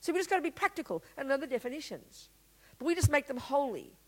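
A woman's voice: high voice, quick pace, rough recording. A woman giving a Buddhist teaching talk, blunt and emphatic, full of rhetorical questions. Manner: blunt and lively explaining.

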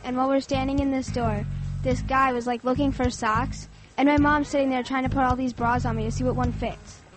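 A woman's voice: high-pitched, fairly even intonation, a little fast, music in the background. A young teen girl joining a podcast chat, giving short, shy answers. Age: teenager. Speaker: podcast guest. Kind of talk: casual chat.

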